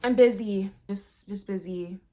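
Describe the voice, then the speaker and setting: A woman's voice: medium pitch, unhurried, mellow, lightly acted. A woman mocking a syrupy fake-cheerful kidnapper dad. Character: sickly sweet male kidnapper dad faking cheer.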